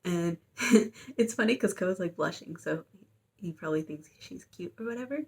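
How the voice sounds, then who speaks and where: Her voice is lowish, husky, and darkish in tone, moving at a moderate pace. She's a young adult student vlogger recapping a story casually, rambling along with plenty of fillers and playful quotes.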